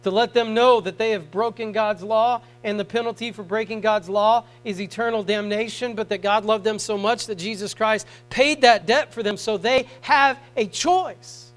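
A man preaching a sermon to a congregation, moving between soft, tender passages and raised, pleading appeals. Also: high-pitched, steady tone, normal speed, hardly any pauses, soft background music, poor audio. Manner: swings from hushed tender tones to raised pleading.

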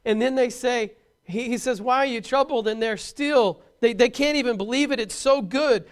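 Male preacher, very high voice, animated sermon delivery with humor. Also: normal speed, clean tone.

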